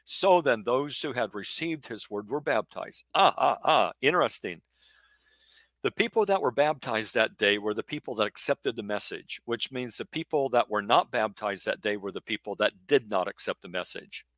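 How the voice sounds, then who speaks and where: A man's voice: lowish voice, animated, normal speed, a bit bright, no echo. A middle-aged man preaching an emphatic Bible lesson, acting out imagined questions in a rhetorical style. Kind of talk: sermon-style Bible teaching.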